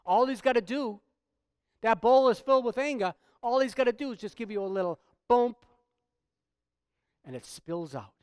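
Man preaching an animated sermon. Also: very high-pitched, normal speed, long pauses, clear, resonant tone, no echo, clean studio sound. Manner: swings from quiet to loud emphatic preaching. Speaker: pastor.

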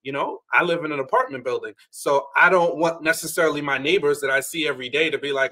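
A man with a bright, forceful voice that sits a little high for a man, talking through a reality-TV episode in loose, casual chat. He tells it like a story, drops into quoted lines, and laughs along as he goes. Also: fast, few pauses. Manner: animated storytelling, quotes people in playful voices, laughs often. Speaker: podcast co-host.

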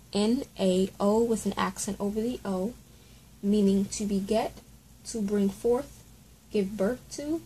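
A woman's voice: mid-range voice, dark tone, a little hiss or hum, rough recording. A woman hosting a casual Bible study at home, chatty and apologetic, spelling out words letter by letter.

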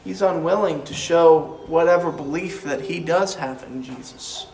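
Earnest preacher in a roomy church. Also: male voice, a little high. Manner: earnest, slows down to stress key phrases, repeats words as he restarts. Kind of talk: sermon. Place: church sanctuary. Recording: roomy echo, mic at a distance, faint room noise.

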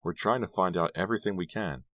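A patient female police officer working through her questions, as a man voices her. Measured and steady over a very deep voice, recorded dry and close. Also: no echo.

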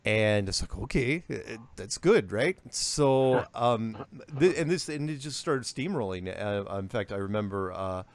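A man's voice: lowish voice, a little slow, hardly any pauses, dry recording. A man being interviewed, telling his story casually and acting out what others said. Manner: animated, acts out quoted voices. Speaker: interview guest.

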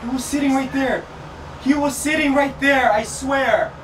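A young man hosting a vlog in a jumpy, exclamatory way, repeating himself fast. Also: very high voice, fairly even intonation. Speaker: YouTube host. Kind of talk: excitable vlog chatter. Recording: noisy background hiss.

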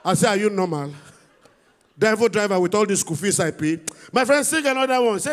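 A middle-aged Nigerian man performing stand-up comedy on a stage, telling an animated story and acting out his son. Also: high voice, brisk.

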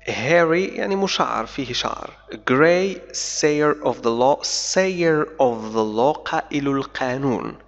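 A man who speaks Arabic natively, teaching English by reading a novel slowly line by line and then quickly explaining each line in Arabic. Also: medium pitch, expressive. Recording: dull lo-fi audio with long reverb.

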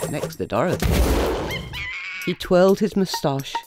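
A woman, a children's author, narrating a bedtime story in a playful, animated manner. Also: on the low side, measured pace, very noisy. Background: soft music.

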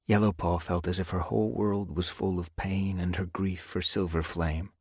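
A man narrating an audiobook in a measured storytelling manner. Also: low voice, little pitch movement, a little mellow, husky, dry recording, studio quality. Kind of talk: scripted narration.

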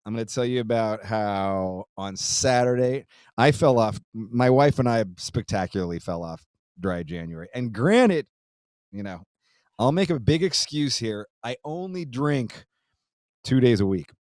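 A man's voice: medium pitch, expressive, measured pace, a little mellow, smooth, no room sound, studio quality. A man hosting his podcast, chatting casually and reading a listener's letter, loose and profane, laughing easily with frequent restarts. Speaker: podcast host.

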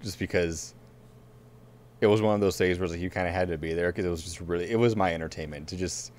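A man co-hosts a podcast, talking in a very low voice. He rambles through a story with plenty of fillers. He breaks into laughter now and then. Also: fast talker, darkish tone. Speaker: podcast co-host. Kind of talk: casual chat.

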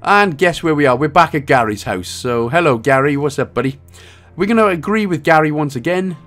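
A Welsh game guide creator gives casual, jokey walkthrough commentary, sometimes reading lines in put-on voices. His voice is a little high and fairly bright, with lively intonation and a fairly quick pace, over soft background music.

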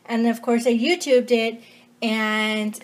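A woman and mother filming a casual how-to vlog in her home kitchen, talking into an iPad she holds in one hand, chatty and bursting into excited cheers. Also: on the high side, takes it slowly. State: out of breath. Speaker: home DIY vlogger and mother. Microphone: iPad held in one hand. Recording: noisy home recording.

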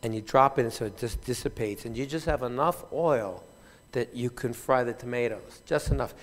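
A man, a fitness trainer, telling stories in an animated, chatty way at a conference, often chuckling as he speaks. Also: medium pitch, moderate pace. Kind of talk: keynote storytelling. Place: large conference hall. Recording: reverberant conference hall.

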